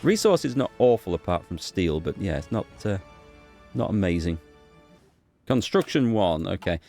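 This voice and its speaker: A deep-voiced man talks through a strategy game as he plays it, musing aloud and often pausing on fillers and half-finished phrases. Soft background music runs quietly under his commentary. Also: very animated. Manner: thinks aloud, musing with fillers and small restarts. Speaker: gaming YouTuber. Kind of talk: casual gameplay commentary.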